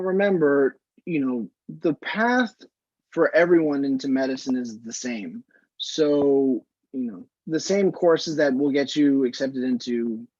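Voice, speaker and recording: A man, an anesthesiologist, giving measured, explanatory advice to students in a casual online Q&A over a video call. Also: medium pitch, a little mellow, no room sound. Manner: measured, explanatory, frequent "standpoint" phrasing. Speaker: anesthesiologist answering student questions. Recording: muffled, slightly lo-fi video call audio.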